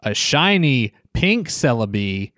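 A man's voice: mid-range voice, very animated, slow, a bit bright, no room sound, studio quality. A man co-hosting a podcast, casually retelling a movie scene, rambling with lots of "like" and laughing. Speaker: podcast co-host. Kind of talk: casual movie recap chat.

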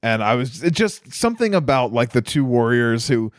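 A man's voice: medium pitch, sing-song, normal speed, dry recording. Male podcast co-host, opinionated film talk, mid-range voice, dry recording. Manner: chatty, wry and opinionated. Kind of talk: casual chat reviewing a film.

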